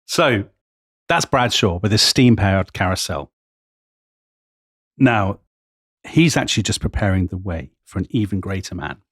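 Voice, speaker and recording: A man's voice: on the low side, animated, unhurried, long pauses, a bit bright, husky, no echo, clean studio sound. A man, co-hosting a history podcast, telling stories with enthusiasm and quoting old accounts with gusto. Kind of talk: storytelling history chat.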